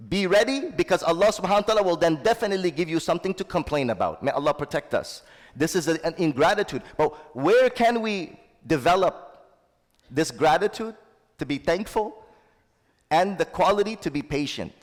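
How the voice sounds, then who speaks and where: A man's voice: high-pitched, expressive, moderate pace. A man giving a sermon as an Islamic teacher. He recites Arabic and translates it line by line, and he calls his listeners brothers and sisters. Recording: long hall reverb.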